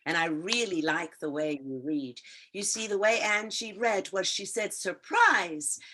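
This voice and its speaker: A woman's voice: medium pitch, normal speed, a bit bright. A woman teacher in an online writing class, encouraging her students and explaining step by step with some fillers, heard over a video call.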